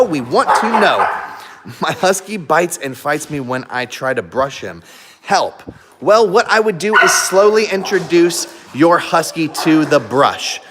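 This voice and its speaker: A man's voice: a little high, very noisy. A man hosting a casual live stream from home, chatting to viewers, laughing often and breaking off to coax his dogs.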